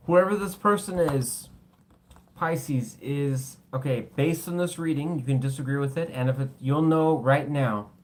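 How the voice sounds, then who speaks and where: A man doing a casual tarot reading, blunt and swearing freely, tired, with his voice cracking. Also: medium pitch. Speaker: tarot reader.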